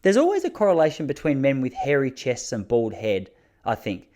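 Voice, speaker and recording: An Australian man in his thirties, hosting a podcast and telling rambling, self-mocking comic stories with quick asides. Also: mid-range voice, huge pitch swings, warm tone. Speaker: podcast host. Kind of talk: comic storytelling monologue.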